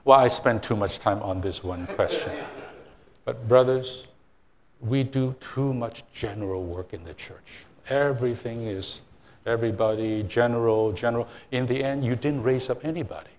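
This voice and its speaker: A man's voice: medium pitch, normal speed, darkish tone. An older man, a church minister, giving an informal sermon full of self-deprecating stories, with frequent fillers and restarts.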